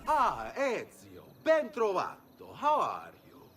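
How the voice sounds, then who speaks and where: Polite steward in a game, bouncy tone, kinda apologetic. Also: male voice, high-pitched, huge pitch swings, takes it slowly, fairly bright tone, a little hiss or hum, heavily acted. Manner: courteous, apologetic. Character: polite household steward, courteous and formal. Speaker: video game character.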